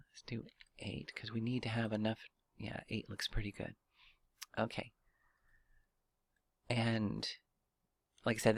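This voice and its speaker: Guy rambling thru a 3d modeling tutorial, thinking out loud, um uh restarts, dry close sound. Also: medium pitch, no room sound. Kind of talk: casual screen-recorded software tutorial.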